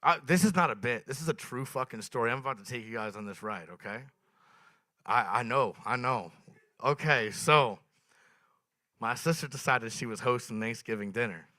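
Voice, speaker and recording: At a small open mic, a young man does a stand-up set of dark stories, delivered deadpan and laced with swearing. His voice is mid-range at a moderate pace, and the recording is dry.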